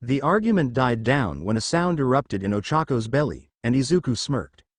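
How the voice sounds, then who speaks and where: A man reads a fan fiction story aloud in a plain storytelling manner. His intonation is lively and varied, and the sound is dry and close to the mic. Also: mid-range voice, normal speed, dry recording. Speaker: narrator.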